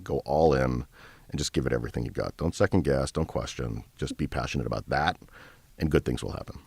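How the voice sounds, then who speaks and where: A man speaks as a radio interview guest in an exceptionally deep voice. He talks calmly and reflectively, easing his points along with small hedges. The sound is dry and close. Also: a little fast, gravelly, husky, dry recording. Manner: calm, reflective, hedging with kind of and like. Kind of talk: casual interview chat.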